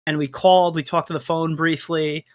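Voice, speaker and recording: A man's voice: fairly high pitch, flat delivery, moderate pace, no echo, clean studio sound. A man hosting a livestream, chatting casually with a crude, joking manner. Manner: crude, joking, breaks into laughter. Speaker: commentary streamer host.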